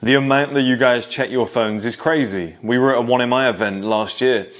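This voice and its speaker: A man's voice: mid-range voice, steady tone, fairly quick, fairly bright tone. Thirty-something guy lecturing young lads, acting out old stories, mid voice. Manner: direct, lecturing storyteller who acts out scenes. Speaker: speaker addressing young men. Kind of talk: storytelling monologue.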